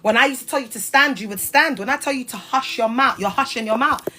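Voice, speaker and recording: Animated British woman chatting on a live stream. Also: on the high side, quick pace, slight background noise. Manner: chatty and animated, laughs often, heavy slang. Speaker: livestream host. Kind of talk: casual livestream chat.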